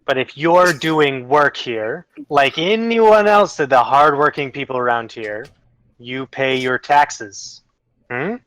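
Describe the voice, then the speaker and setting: A man voicing a territorial, condescending female crime boss in a tabletop game, speaking in a patronizing, drawn-out way. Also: mid-range voice, a bit bright, clear, resonant tone, dry recording, low-quality recording.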